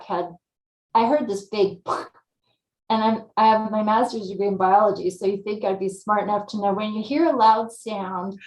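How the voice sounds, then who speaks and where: Animated woman storyteller in an echoey room. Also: mid-range voice. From California. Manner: animated storyteller, acts out her own thoughts. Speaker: interview guest. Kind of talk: casual storytelling.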